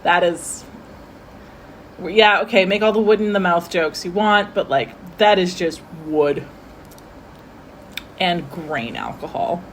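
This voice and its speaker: A woman co-hosting a casual whiskey tasting, chatty and quick to laugh at herself. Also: on the low side, slight background noise. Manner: chatty, laughs often, self-deprecating.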